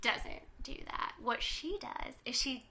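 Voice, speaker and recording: A young woman hosting a casual book chat, retelling a story scene by scene. She chatters along with plenty of fillers, voicing each character as she goes. Her voice sits high and bright, sharp at the edges. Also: slow. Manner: animated storyteller, acts out characters' lines, many "like" fillers. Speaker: book podcast co-host.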